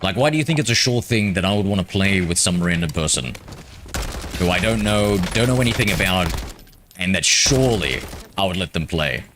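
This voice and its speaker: Sarcastic Australian streamer with game noise. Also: male voice, low-pitched, lively intonation, brisk. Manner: sarcastic, mocking replies to chat. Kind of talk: live gaming stream chat. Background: game sounds and vehicles.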